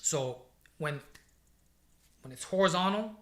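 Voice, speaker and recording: A fitness coach answers viewer questions on a casual live stream, chatty and full of energy. His voice sits fairly high for a man and comes across bright and forceful. He talks into a desk mic that he sometimes drifts away from. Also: expressive, slow pace. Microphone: desk microphone he sometimes leans away from.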